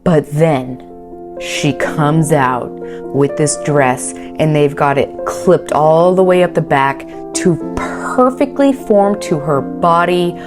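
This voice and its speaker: A woman's voice: sits low, takes it slowly, music in the background. A woman casually recapping a reality show, chatty and wry, with a home mic. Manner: chatty, wry, quotes people in bouncy voices. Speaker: recap commentator. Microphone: home recording mic.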